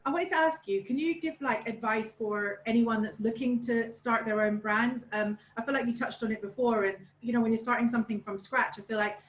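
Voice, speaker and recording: A woman's voice: on the high side, fairly even intonation, a little fast, few pauses. Chatty woman asking questions, echoey room. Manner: chatty, rambling, many fillers. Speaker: webinar host. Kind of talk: webinar question. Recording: echoey room with faint background noise.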